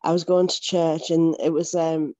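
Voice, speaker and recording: A woman's voice: low-pitched, level tone, normal speed, warm tone, dry recording, low-quality recording. A woman giving an earnest, emotional personal faith testimony, often repeating herself and laughing between phrases. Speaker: church member giving testimony.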